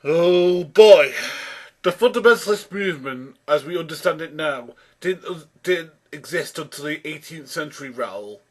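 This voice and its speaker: A man's voice: fairly high pitch, expressive, moderate pace, few pauses, slightly rough. A man giving an argumentative response commentary, exasperated, often calling his opponent by name and restarting his sentences as he builds each point. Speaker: YouTube commentator rebutting a video.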